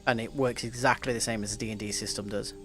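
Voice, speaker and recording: A man's voice: lowish voice, fairly even intonation, fast, music in the background. A man streaming a game, chatting casually and rambling with lots of filler words. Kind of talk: casual live gameplay chat.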